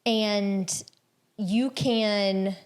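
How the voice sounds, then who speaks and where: A woman with a Southern US accent from Georgia, co-hosting a casual podcast chat, chatty and quick to laugh. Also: medium pitch, steady tone. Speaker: podcast co-host. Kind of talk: casual conversation.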